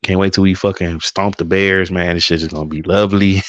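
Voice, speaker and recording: A man hosting a casual sports chat with friends, telling profane, animated stories. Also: deep voice, normal speed, dry recording. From Milwaukee, Wisconsin. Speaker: podcast host.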